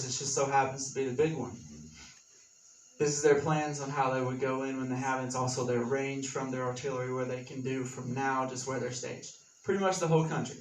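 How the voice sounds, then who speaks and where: A young man preaching a casual sermon in a church hall, conversational with joking asides and quoted scripture. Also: a little high. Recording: roomy, distant from the mic.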